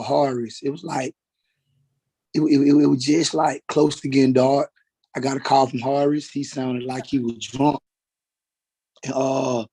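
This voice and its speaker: A man testifying as a witness in a courtroom, halting and repeating words as he goes. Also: mid-range voice, a little mellow, breathy edge. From Atlanta, Georgia, US.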